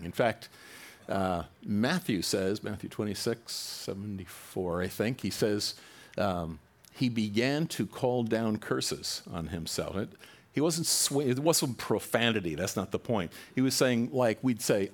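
A man's voice: fairly low pitch, expressive, unhurried. A man preaching a sermon, reading scripture and breaking off into conversational asides and rhetorical questions to the congregation. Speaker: pastor.

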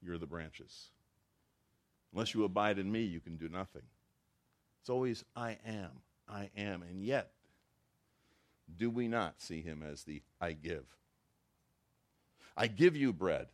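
A man preaching a sermon to a church congregation, acting out the dialogue he quotes in an animated way. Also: sits low, measured pace, pauses often. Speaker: pastor.

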